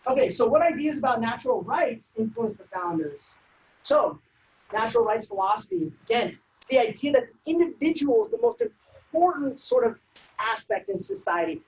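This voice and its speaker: A woman presenting a civics workshop, lecturing in a brisk, conversational way with frequent ums and uhs. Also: a little high, very animated, a little mellow, a little hiss or hum, poor audio. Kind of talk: informal lecture.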